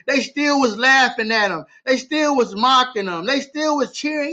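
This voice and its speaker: A man delivers an impassioned sermon on a home livestream. His voice sits unusually high as he repeats lines for emphasis. The audio sounds dull and lo-fi. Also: moderate pace, hardly any pauses, pushed and bright. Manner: impassioned, repetitive preaching in vernacular English. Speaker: livestream preacher.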